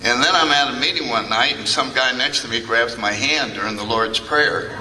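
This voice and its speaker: Recorded from afar in a big, echoing convention hall with slight background noise, this older man talks at normal speed in a medium-pitched, bright, forceful voice. A recovery meeting speaker, he entertains the convention crowd with humorous stories and performs the lines he quotes.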